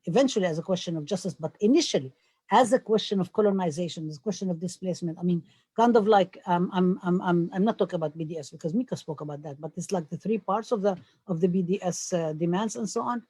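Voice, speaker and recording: A scholar speaking on a panel, halting and full of fillers at times, then emphatic. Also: mid-range voice, darkish tone, breathy edge, no room sound. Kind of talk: panel discussion.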